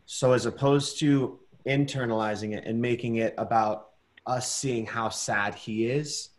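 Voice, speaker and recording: A man giving a gentle, encouraging acting critique over a video call, pausing often to search for words. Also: mid-range voice, steady tone. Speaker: masterclass teacher.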